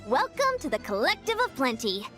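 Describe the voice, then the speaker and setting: A woman voicing a young girl who works as a brisk, strict sports coach in a video game. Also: sits high, wildly swooping pitch, sharp tone, heavily acted. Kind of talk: game voice acting. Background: game music.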